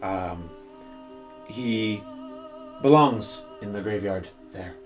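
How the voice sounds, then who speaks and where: A man's voice: lowish voice, over music, voice pushed down. Man playing a weary, grave young nobleman. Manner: formal, halting speech with many pauses.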